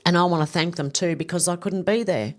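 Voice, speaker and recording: A woman's voice: fairly low pitch, a little fast. Chatty woman commentator. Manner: chatty, opinionated, rambling asides. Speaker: video commentator. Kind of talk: casual commentary reading out social posts.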